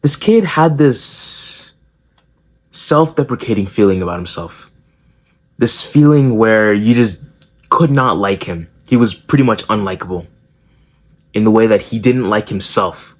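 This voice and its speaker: A young man with a husky, slightly low voice talks through a social skills lesson as a casual story. He jokes, swears freely and leans on slang. He often stops to correct himself mid-sentence. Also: animated, unhurried. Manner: slangy, profane, joking, restarts and self-corrections. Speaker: social skills video host.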